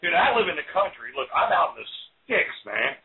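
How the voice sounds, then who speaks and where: Man from Florida, crude joking talk show host, gravelly, phone-like sound. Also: on the high side, big pitch swings, brisk. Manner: joking, profane, blunt. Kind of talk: casual chat. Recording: tinny phone-like line.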